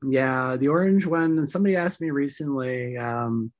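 A woman with a deep, feminine voice, a podcast guest talking frankly in casual chat. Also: moderate pace, a little mellow. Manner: candid, frank, swears casually.

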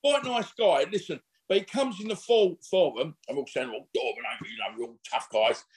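A middle-aged man talks in a rambling, slangy way, stopping and restarting as he acts out what others said. His voice sits a little higher than most men's. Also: a little fast. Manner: rambling and slangy, full of restarts and acted-out quotes. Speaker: interview guest. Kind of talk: casual anecdotal storytelling.

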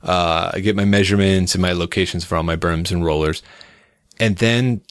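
A man with a low, gravelly voice in a casual podcast chat, recorded close and dry. He talks with enthusiasm, exaggerates freely and his pitch leaps up when something amazes him. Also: fairly even intonation, moderate pace, no echo. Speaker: podcast co-host.

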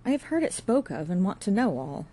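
A woman's voice: mid-range voice, big pitch swings, brisk, mellow, slightly rough, pitched above the performer's own voice. A woman voicing an earnest, bookish young man who speaks in a raised, indignant way. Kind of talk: audiobook character reading.

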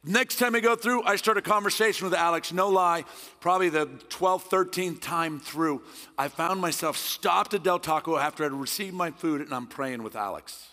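Loud, intense middle-aged pastor preaching. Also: male voice, a little high, normal speed. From Southern California. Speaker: guest pastor. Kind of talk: sermon. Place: church hall. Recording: long church hall reverb.

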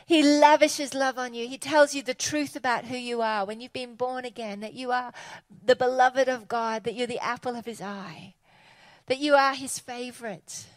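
Woman preacher, high voice, animated and chatty, dry close sound. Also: normal speed, no room sound. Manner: animated, conversational, enthusiastic. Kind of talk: sermon.

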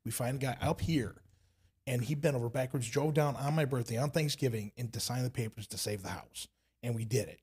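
A man's voice: medium pitch, fairly quick, slightly rough. A man on a church discussion panel, telling stories and acting out the voices he quotes. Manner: animated storyteller who acts out quoted voices. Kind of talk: casual faith discussion.

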